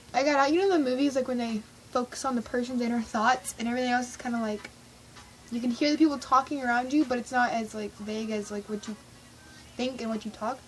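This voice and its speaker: A teenage girl vlogging, telling a rambling, excitable story with lots of fillers. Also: on the high side, a little hiss or hum, poor audio. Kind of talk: casual storytelling vlog.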